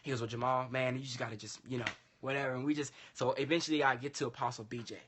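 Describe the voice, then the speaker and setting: A man's voice: medium pitch, rapid-fire, slight background noise. A man casually telling a long story to a co-host, acting out the voices of the people in it. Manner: animated, acts out quoted dialogue.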